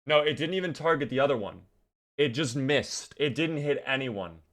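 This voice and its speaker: A man's voice: medium pitch, lively intonation, moderate pace, fairly bright tone. A young man giving casual, swear-heavy commentary while playing a video game. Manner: swears a lot, rants when angry. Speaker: gaming streamer.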